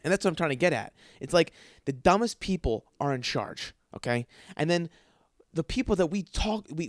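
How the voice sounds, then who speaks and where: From a dark room in his apartment, a man hosts a podcast as a profane ranting monologue, swearing constantly, stuttering, repeating words, and lurching between yelling and mumbling. His voice sits a little high, and the studio microphone gives clean, echo-free, studio-quality sound.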